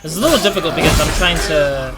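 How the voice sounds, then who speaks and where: A young man casually commenting on his game, excitable and rambling, with many fillers. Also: fairly high pitch, fast, over loud music. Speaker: gaming channel host. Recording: noisy home recording with game audio behind.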